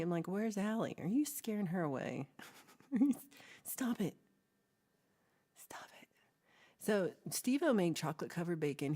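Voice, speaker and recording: This livestream co-host has a lowish, somewhat dark voice. Chatting casually, she works through live comments in a loose, rambling way, with giggles and playful side remarks.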